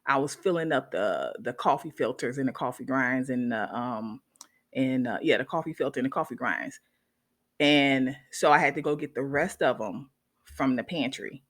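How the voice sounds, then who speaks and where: Speaking at a moderate pace in a bass voice, a woman who works as a nurse animatedly recounts a story to her audience. She keeps it casual and often pauses to check in with viewers.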